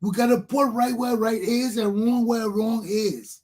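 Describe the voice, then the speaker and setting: A man's voice: very high-pitched, measured pace, a little mellow. A man with a Liberian English accent hosting a talk show, giving impassioned political commentary and repeating himself as he addresses his listeners.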